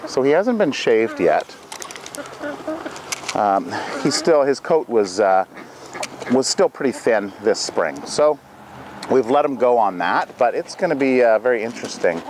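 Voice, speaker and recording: A man's voice: mid-range voice, very animated, a little slow, pauses often. A man chatting in a loose, easygoing way while he tends his farm animals outdoors. His voice moves up and down a lot, and there is a faint hiss with animal sounds behind him. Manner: soft coaxing talk to the animals, loud calls to the herd. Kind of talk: casual vlog talking to camera and animals.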